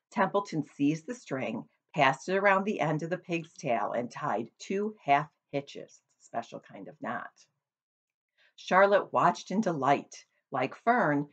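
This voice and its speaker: A woman reading a children's book aloud in an expressive storytelling manner. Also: sits low, muffled recording. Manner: expressive, shows pictures to listeners. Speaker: storybook reader.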